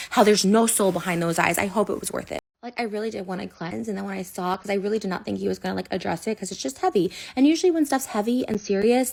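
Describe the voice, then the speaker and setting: A woman in her thirties vents to camera, her gravelly, medium-pitched voice upset as she speaks rapidly and repetitively. This online personality's emotional rant is full of "like" and restarts.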